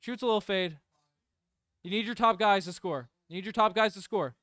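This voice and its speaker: High-voiced young man calling a game. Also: a little fast, no echo, studio quality. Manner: swings from despair to hype, yells "baby" on big shots. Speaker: fan commentator streaming live play-by-play. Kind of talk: excited fan play-by-play commentary.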